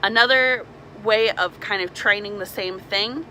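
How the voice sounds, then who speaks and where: Young woman doing a casual mermaid swim tips vlog, bright clear voice, faint traffic outside. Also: mid-range voice, measured pace, poor audio. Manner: demonstrates nasal speech and K sounds. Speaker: mermaid performer giving tips. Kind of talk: casual how-to explainer.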